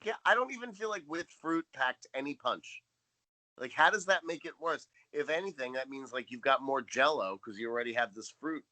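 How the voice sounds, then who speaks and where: Bright-voiced man trading dry jokes. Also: medium pitch, expressive, a little fast. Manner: dry, joking asides. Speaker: podcast co-host. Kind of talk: casual chat.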